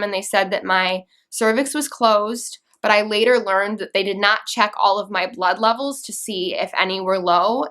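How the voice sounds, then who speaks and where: A young woman telling a personal story to camera, earnest and halting, with restarts and fillers. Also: medium pitch, fairly bright tone. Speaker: vlogger.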